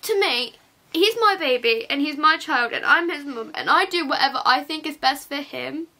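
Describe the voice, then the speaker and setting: A young woman vlogging an emotional rant to camera, crying as she talks, halting and restarting her sentences. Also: high-pitched, animated, bright, forceful tone.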